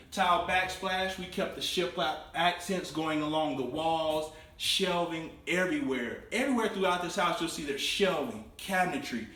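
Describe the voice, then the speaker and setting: A man hosting a walkthrough home tour, pitching each room to viewers with salesman enthusiasm. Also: fairly bright tone, distant mic. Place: inside a show home, bare rooms. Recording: very echoey room, voice from off the mic.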